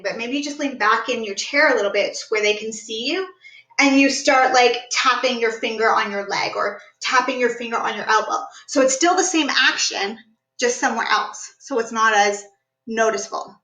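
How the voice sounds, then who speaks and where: A woman business coach teaching a live online workshop, upbeat and energetic, standing as she talks. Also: fairly high pitch, reverberant, low-quality recording. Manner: energetic, upbeat, demonstrates voices while teaching. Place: room, standing.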